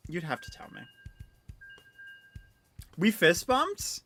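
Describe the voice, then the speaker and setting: Lively, animated woman streamer. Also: lowish voice, slow pace. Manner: excitable, laughing, rambling with restarts. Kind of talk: live gameplay stream chat. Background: music.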